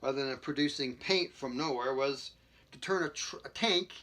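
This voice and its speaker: A man's voice: medium pitch, normal speed, sharp tone. A man reading a book aloud, stumbling and restarting and dropping jokey asides between passages. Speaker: reader.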